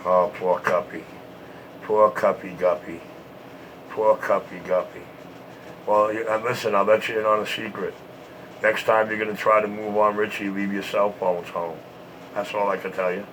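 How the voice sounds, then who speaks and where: Man, low voice, flat delivery, taunting, boastful, breathless from smoking. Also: normal speed, slight background noise, poor audio. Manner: taunting, repetitive, laughs. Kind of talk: boastful trash talk.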